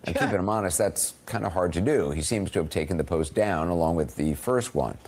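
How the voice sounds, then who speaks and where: Deep-voiced male news anchor. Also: crowd noise. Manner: measured, formal newsreader delivery. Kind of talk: scripted broadcast news report.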